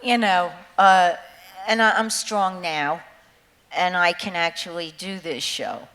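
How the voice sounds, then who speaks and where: Taking it slowly, a woman in her seventies with a lowish, fairly bright voice rambles through stories onstage as a singer facing a concert audience. Nervous before going on, she still laughs a lot and swears freely. Expect an echoey big-hall sound with a faint hiss.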